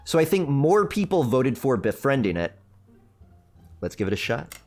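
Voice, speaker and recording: A man's voice: medium pitch, very animated, normal speed, pauses often, darkish tone. A man hosting a livestream, reading a spooky choose-your-own-adventure book aloud in a theatrical, playful way with joking asides. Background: faint background music.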